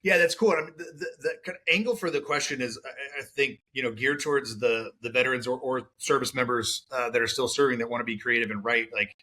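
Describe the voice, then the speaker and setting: A man hosts a podcast with a bright, forceful voice at a middle pitch. He talks in a thoughtful, loose way, with fillers as he thinks aloud. It is a relaxed interview. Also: fast talker, hardly any pauses. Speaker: podcast host.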